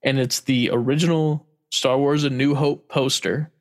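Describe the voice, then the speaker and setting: A man's voice: medium pitch, fairly even intonation, normal speed. A man in casual chat, telling a story with frequent laughs and casual swearing.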